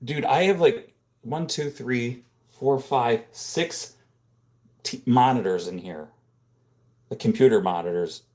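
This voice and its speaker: A man chatting loosely on his own livestream, drifting from point to point with plenty of filler. His voice sits at an ordinary middle pitch. He talks close into a boom microphone in a home room packed with monitors. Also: slow, long pauses, darkish tone. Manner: rambling, filler-heavy, says "dude" and "like" a lot. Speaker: livestream host. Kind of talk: casual livestream chat. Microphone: boom-mounted microphone.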